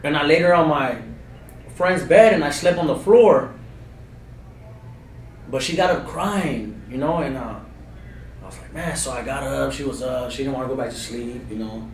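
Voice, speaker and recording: A man, telling a true story to an interviewer in an earnest, insistent way with street slang, swinging from loud bursts to low mutters. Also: moderate pace, pauses often. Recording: roomy, distant recording with faint background noise.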